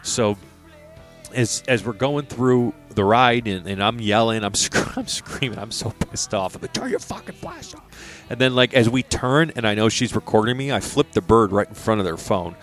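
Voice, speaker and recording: A man's voice: fairly low pitch, moderate pace, soft background music. A young man co-hosting a casual podcast, telling an exasperated, profane story about a theme park ride. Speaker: podcast co-host.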